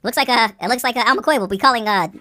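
A man in his forties co-hosting a casual chat podcast, animated and excitable as he jumps from topic to topic. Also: extremely high pitch, racing. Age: 40s. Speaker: podcast co-host. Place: Phoenix, Arizona.

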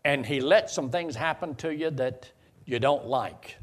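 A pastor with a slightly high voice delivers a sermon in an easy, conversational way. He breaks into emphatic, rising bursts to drive his points home. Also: animated, moderate pace.

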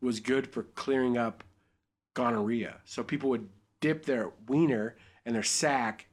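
A man's voice: mid-range voice, measured pace. A young man hosting a podcast, reading a story aloud and joking crudely along the way. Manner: crude, joking, riffs off the script.

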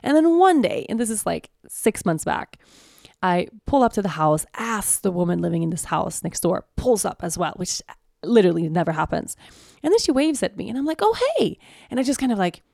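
A woman in her thirties hosting a podcast, telling a personal story in a casual, lively way and acting out the voices of the people in it. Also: mid-range voice, brisk, gravelly, no echo, clean studio sound. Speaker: podcast host.

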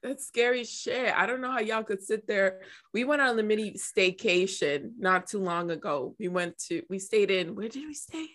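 A blunt, animated woman co-hosting a podcast, with a bright, forceful voice. She swears freely and tells her stories with lively emphasis. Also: mid-range voice, normal speed, hardly any pauses. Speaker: podcast co-host. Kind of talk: casual chat.

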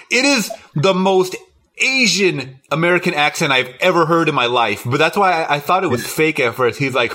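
Rambling, cursing and laughing as he goes, a podcast co-host casually recaps a horror movie's plot. His voice sits on the high side with big pitch swings, a sharp tone and a normal pace.

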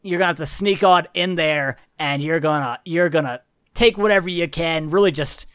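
Guy doing a fed up rambling ceo boss, stammers a lot, kinda high voice. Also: normal speed, a bit bright, smooth, no room sound, clean studio sound, close to an everyday voice. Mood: exasperated. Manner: stammering, repeats words. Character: exasperated rambling male startup CEO.

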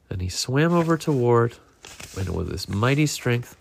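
A man reading a picture book aloud to a child at home, in a gentle, unhurried storytelling manner. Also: medium pitch, sing-song, vocal fry, breathy edge.

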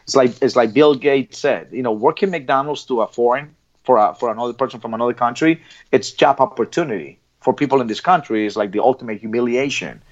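A man's voice: medium pitch, quick pace. Blunt, swearing Colombian-accented man. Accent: Colombian Spanish. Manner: blunt, swears freely, many restarts and "bro". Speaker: guest, former Olympic athlete. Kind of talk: casual interview talk. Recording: dull lo-fi sound.

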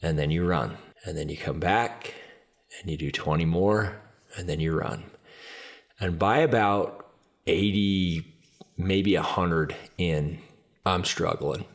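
A man's voice: low voice, takes it slowly, long pauses. A man hosting a podcast and telling a personal story in an earnest, conversational way, with frequent "like" fillers. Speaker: podcast host. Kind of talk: casual storytelling.

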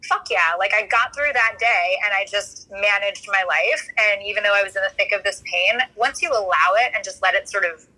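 Bright, husky woman on a tinny line. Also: mid-range voice, brisk, few pauses. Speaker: coaching client and guest. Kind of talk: casual podcast interview.

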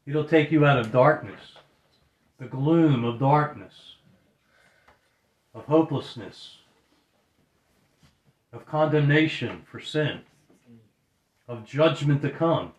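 A man preaches a sermon in an earnest way, repeating his phrases to drive them home. His voice sits at an ordinary middle pitch, and the recording carries a roomy echo. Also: takes it slowly, pauses often.

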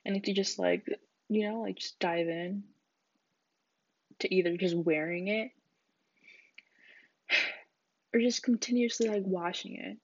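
A woman's voice: medium pitch, fairly even intonation, a little slow, long pauses, husky, no echo. A young woman rambling in a casual solo chat, giggly and full of fillers, on a dull lo-fi recording. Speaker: podcast host.

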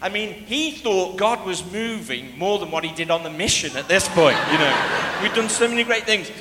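A man preaching a sermon, telling a story in a lively way and sometimes breaking into shouts as he acts it out. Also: sits high, moderate pace, noisy background. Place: church hall. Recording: echoey hall, faint ambience.

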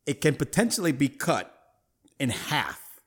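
A man's voice: a little high, a little slow, breathy edge. A man hosting a casual sports talk podcast, emphatic and full of slang. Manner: animated, emphatic, street slang. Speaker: podcast host.

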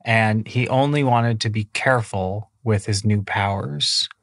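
Male storyteller, low voice, loose improvised kids' tale, dry sound. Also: a little slow, fairly bright tone, dry recording. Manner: casual, many fillers, rambling. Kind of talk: improvised children's bedtime story.

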